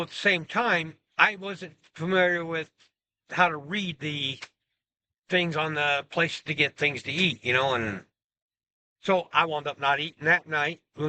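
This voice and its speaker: A man tells a long personal story in a loose, rambling way, doubling back and restarting his sentences. His voice is bright and sharp, sitting a little high for a man. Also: no room sound. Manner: rambling, animated retelling with restarts. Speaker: self-styled religious teacher. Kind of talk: casual storytelling monologue.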